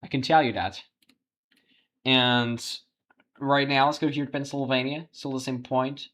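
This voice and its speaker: A man hosting a livestream, giving live election results commentary while thinking aloud, halting with frequent restarts. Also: mid-range voice, steady tone, a bit bright. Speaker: livestream host.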